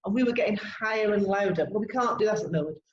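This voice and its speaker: A woman co-hosts a casual podcast and explains classroom activities in a steady, encouraging way. Her voice sits at a middle pitch. The room is echoey, and the sound is dull with faint background noise. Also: very fast. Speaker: podcast co-host, language teacher.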